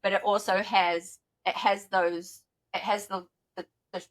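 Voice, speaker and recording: A woman co-hosting a podcast, jumping in with supportive comments in a relaxed chat. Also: mid-range voice. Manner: supportive, chiming in with quick agreement. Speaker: podcast co-host. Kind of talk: casual chat.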